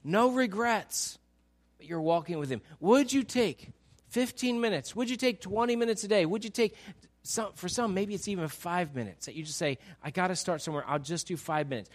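A male pastor preaching a sermon, pleading with rhetorical questions that rise for emphasis and then drop soft. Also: high-pitched.

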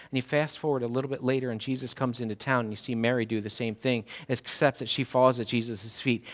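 A male pastor preaching a sermon in a church, dramatic, swinging from hushed talk to shouting. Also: mid-range voice.

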